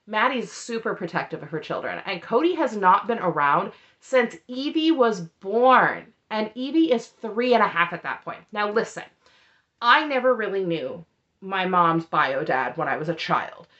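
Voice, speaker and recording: A woman's voice: medium pitch, very animated, normal speed, a bit bright, muffled recording. A woman giving a casual, opinionated recap of a TV episode with a sarcastic, chatty manner. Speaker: recap commentator.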